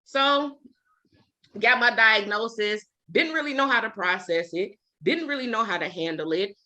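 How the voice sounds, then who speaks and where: A middle-aged woman, a podcast guest, telling her personal story in a lively, earnest, conversational way. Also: medium pitch, moderate pace. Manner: lively, acts out quoted dialogue; earnest, testimonial. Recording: dull lo-fi podcast audio.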